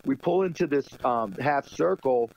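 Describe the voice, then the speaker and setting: A man's voice: mid-range voice, expressive, unhurried, gravelly, darkish tone. Rambling man on a lo-fi line. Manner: rambling, laughing storyteller full of "you know". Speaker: guest. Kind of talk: casual radio interview chat. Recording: dull lo-fi sound.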